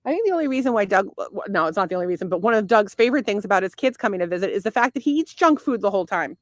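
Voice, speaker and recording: A woman's voice: medium pitch, animated, rapid-fire, no room sound, studio quality. A middle-aged woman co-hosting a casual married-couple podcast, crude and rambling, laughing often. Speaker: podcast co-host.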